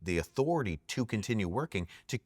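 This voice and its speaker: A man's voice: on the low side, sing-song, fast, darkish tone, no room sound, studio quality. A man co-hosting a casual theological discussion, earnestly explaining points and building them into lists. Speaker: apologetics ministry co-host.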